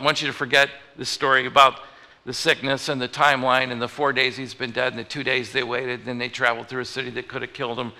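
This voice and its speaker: A male pastor preaching a conversational sermon, moving from loud emphatic lines to hushed ones. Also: mid-range voice, gravelly. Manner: conversational, animated, swings between loud and hushed. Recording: reverberant hall.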